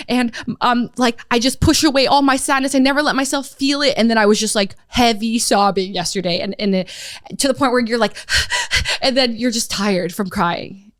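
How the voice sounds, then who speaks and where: A woman's voice: fairly high pitch, normal speed, fairly bright tone, no echo, studio quality. A young woman, a streamer, in casual podcast chat, telling stories animatedly with many fillers. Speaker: streamer guest.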